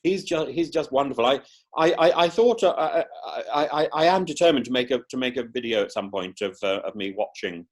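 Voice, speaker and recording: A man's voice: mid-range voice, fairly quick. Theatrical man who stumbles over his words. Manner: animated, theatrical, breaks into put-on voices; stumbles and repeats words while thinking. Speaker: podcast guest, professor and former politician. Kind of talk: casual interview chat.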